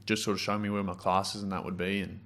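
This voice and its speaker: A young Australian man with a low, bright-edged voice talks fast and flat as a casual guest. He tells school stories, restarting often and filling gaps with fillers.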